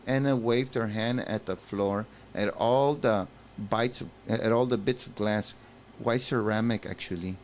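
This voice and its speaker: This let's play features a gaming channel host reading story text aloud, then stopping to react with exclamations to the viewers he calls "guys." His pitch is fairly low and his pace a little slow, with slight background noise present.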